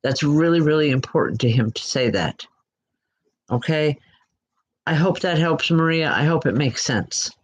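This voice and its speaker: A woman giving live online psychic readings in a gentle, reassuring way, often pausing and restarting her sentences. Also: low voice, animated, slightly rough, poor audio. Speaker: psychic medium. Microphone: computer mic.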